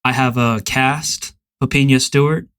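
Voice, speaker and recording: A man's voice: mid-range voice, fairly even intonation, unhurried, a bit bright, clean tone. A man hosting a podcast, chatting casually in a rambling, hesitant way. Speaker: podcast host.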